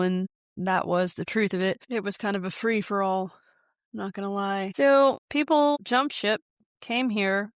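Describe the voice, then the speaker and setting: A woman's voice: medium pitch, measured pace, no room sound, clean studio sound. A woman hosting a casual solo podcast, talking in a wry, irreverent way full of joking asides. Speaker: podcast host.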